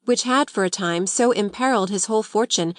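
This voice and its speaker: A woman reading a classic novel aloud as an audiobook narrator, in clear, even storytelling. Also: medium pitch, brisk, no room sound, clean studio sound.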